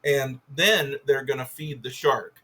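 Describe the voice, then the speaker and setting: A man's voice: medium pitch, measured pace, fairly bright tone. A man casually reviewing a film, rambling with lots of fillers and swearing freely, amused by what he describes.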